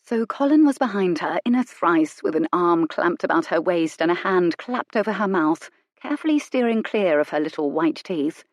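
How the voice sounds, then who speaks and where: A woman narrating a romance audiobook with measured, wry storytelling. Her voice sits fairly low. The sound is dry and close, with no room in it. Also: expressive, dry recording. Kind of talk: scripted narration.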